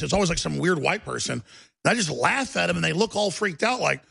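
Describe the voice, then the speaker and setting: A middle-aged man with a heavily gravelly, husky voice hosts heated political talk radio. His tone is bright and forceful, a little higher than most men, and he mocks opponents with shrieking impressions. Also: animated, quick pace, dry recording. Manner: mocking, breaks into shrieking impressions.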